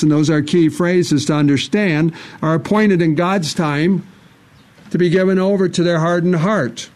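A man's voice: sits high, darkish tone. A man preaching a sermon, reading scripture aloud and pressing earnest, repeated rhetorical questions. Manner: reads scripture aloud in King James wording.

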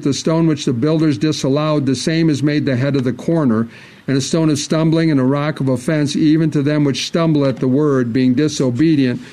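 A man's voice: on the high side, mellow. Earnest preacher man, rising questions. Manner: earnest, repetitive rhetorical questions; reads scripture aloud in King James wording. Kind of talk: sermon.

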